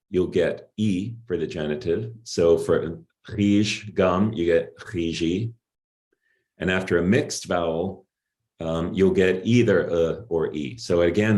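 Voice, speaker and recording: A middle-aged man giving an academic linguistics talk in a measured, explanatory way, with some pauses and fillers. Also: deep voice, a little mellow. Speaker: linguistics lecturer.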